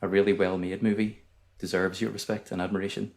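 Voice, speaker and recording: This is a Northern Irish man speaking as a podcast guest, his voice low-set and calm. He talks quickly but smoothly, with a soothing, even manner. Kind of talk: casual chat.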